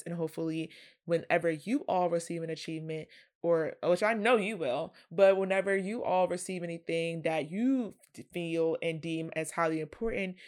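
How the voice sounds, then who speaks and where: Chatty young woman podcast host. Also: lowish voice. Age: 20s. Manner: chatty, earnest, addresses listeners as "y'all". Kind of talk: casual solo podcast talk.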